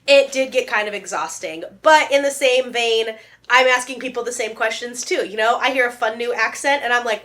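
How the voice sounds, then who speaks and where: A woman in her thirties chatting casually to camera as a vlogger, animated and jokey, with playful asides. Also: on the high side, normal speed. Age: 30s. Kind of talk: casual chat.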